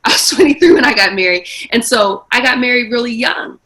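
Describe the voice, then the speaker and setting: A woman's voice: a little high, a little fast, pushed and bright, rough recording. A woman in her forties, a mother, speaking in a conversational, reflective way in a casual panel chat.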